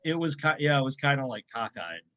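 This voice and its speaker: A man who is a powerlifter and strength coach, telling a story in a casual interview, swearing constantly and animated. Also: medium pitch, quick pace.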